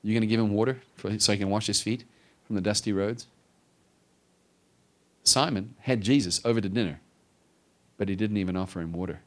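A middle-aged pastor with a fairly low voice preaches a little fast. His sermon is animated, and he acts out the voices of the people in the Bible story.

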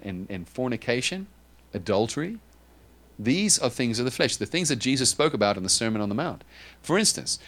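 Low-voiced male preacher. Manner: conversational, animated, with asides and restarts. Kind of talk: sermon.

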